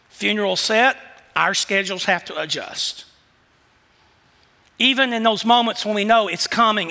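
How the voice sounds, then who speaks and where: A male preacher delivers a sermon in a high, bright voice. He swings between hushed questions and loud bursts of emphasis. The sound carries a long reverb from a church sanctuary.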